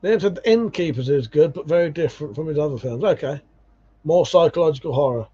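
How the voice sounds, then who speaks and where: A man hosts a livestream, chatting casually as he reads viewer comments and drops swear words. He calls people mate along the way. His voice sits a little high, and the stream audio is dull and lo-fi. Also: animated, quick pace, dark tone, slightly rough. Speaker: livestream host.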